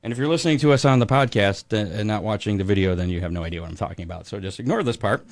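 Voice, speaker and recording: A man's voice: fairly low pitch, very fast, no room sound. A man co-hosting a racing talk show, chatting casually with plenty of fillers. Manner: chatty and upbeat, lots of fillers. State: a little out of breath. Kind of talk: casual radio show chat.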